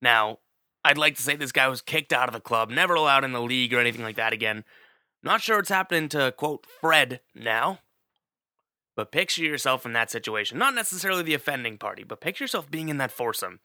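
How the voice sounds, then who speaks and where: A man's voice: mid-range voice, animated, a little fast, sharp tone, no echo, studio quality. A man telling a story in a casual, chatty way, talking straight to the listener with plenty of fillers. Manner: chatty, addresses the listener directly, many fillers.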